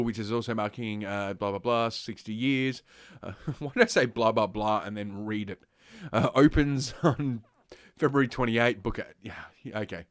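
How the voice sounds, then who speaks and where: An Australian man hosts a streaming show, ranting sarcastically through the news with a blocked, sniffly nose and lots of profanity as he rambles. His mid-range voice is a bit bright, recorded on a desk microphone with studio quality and no echo.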